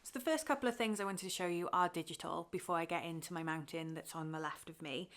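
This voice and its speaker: A woman's voice: on the low side, a bit bright. A young woman from Wales chatting casually to camera about her cross-stitch, talking openly and getting emotional, with fillers and laughs.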